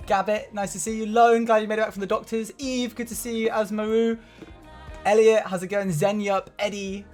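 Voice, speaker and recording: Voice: mid-range voice, darkish tone. A livestreamer chatting casually from home, laughing often and greeting viewers one by one. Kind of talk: casual live-stream chat. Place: home room.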